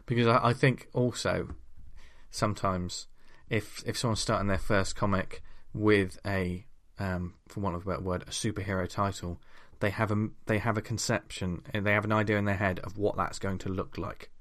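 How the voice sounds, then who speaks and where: A man's voice: lowish voice, level tone, moderate pace, a bit bright. A man co-hosting a comics podcast, speaking in a friendly, thoughtful way with some hesitation. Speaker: podcast co-host. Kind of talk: casual comics podcast chat.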